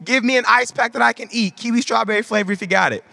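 A man's voice: very high voice, fast, gravelly, sharp tone, no room sound, pitched above the performer's own voice, full character voice. A man putting on the voices of little children who whine and beg for a treat. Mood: whiny. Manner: pleading, whining.

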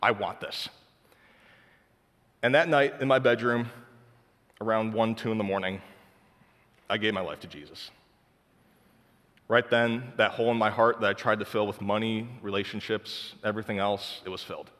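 A man's voice: on the low side, normal speed, pauses often, a bit bright, long reverb tail. A young man sharing a personal faith testimony in casual, heartfelt storytelling full of filler words. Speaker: speaker sharing his testimony.

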